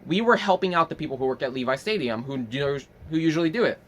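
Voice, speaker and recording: A man's voice: fairly high pitch, fast. A young man telling a rambling story as a casual vlog, swearing freely and acting out the people in it. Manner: animated, rambling with fillers. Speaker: vlogger.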